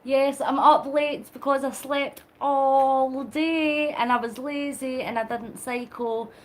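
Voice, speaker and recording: A woman's voice: high-pitched, fairly even intonation, slow pace. A woman hosting a late-night live stream, chatting with viewers and answering their comments while she cycles. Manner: talking while cycling on a long charity ride. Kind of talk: casual live-stream chat.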